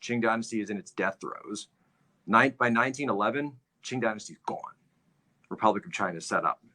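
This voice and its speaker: A man's voice: lowish voice, brisk, bright, forceful tone. A man hosting political commentary, lecturing on history and stressing points by repeating phrases.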